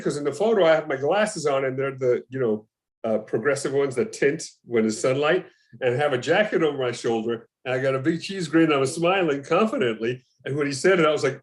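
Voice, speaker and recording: An actor being interviewed, a man telling lively anecdotes in casual conversation and acting out what other people said. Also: mid-range voice. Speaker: actor guest.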